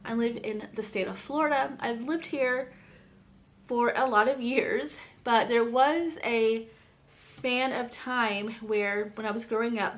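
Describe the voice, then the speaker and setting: A woman's voice: on the high side, a bit bright. A woman with a light Southern US accent chatting to camera about books in a bubbly, chatty way. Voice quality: bubbly, chatty, lots of "like" and "you guys". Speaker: book channel host. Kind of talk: casual chat to camera.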